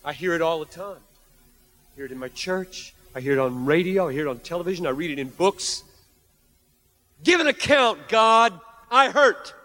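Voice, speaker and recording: A man's voice: on the high side, brisk. A man preaching a sermon, reading scripture and building to emphatic, repeated outbursts. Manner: emphatic, repetitive, rising to fervent outbursts.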